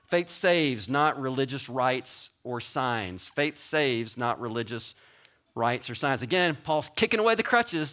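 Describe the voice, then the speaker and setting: A man preaching a sermon as pastor, conversational and animated, with asides to the congregation. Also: fairly high pitch.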